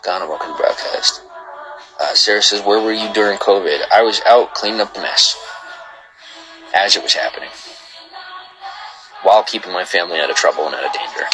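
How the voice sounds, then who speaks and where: A man's voice: low-pitched, a little fast, pauses often, over music, low-quality recording. A man hosting a livestream, chatting casually and greeting viewers, getting heated and rambling as he repeats himself. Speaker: livestream host. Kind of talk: casual livestream chat reading viewer comments.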